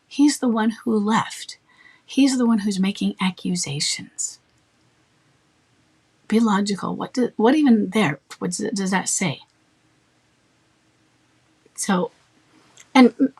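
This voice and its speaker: Husky woman coach, firm and matter-of-fact, talks through little made-up conversations. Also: mid-range voice, slow pace, long pauses, darkish tone. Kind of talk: advice talk.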